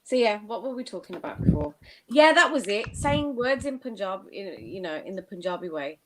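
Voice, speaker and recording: A woman's voice: mid-range voice, animated, brisk, noisy background. A woman on a casual livestream panel, sassy and teasing, swearing as she pushes back at the host. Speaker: panel guest.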